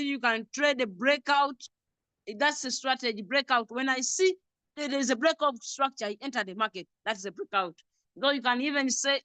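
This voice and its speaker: A woman with a Ugandan accent teaches an online trading class over a video call, her voice fairly high and sharp on a dry recording. She repeats points, drills lists, and chuckles often.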